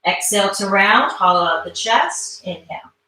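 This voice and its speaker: A woman leading a live mobility class, calmly guiding movements and breath cues. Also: medium pitch, moderate pace, slight background noise. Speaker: mobility instructor. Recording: echoey room, mic far off.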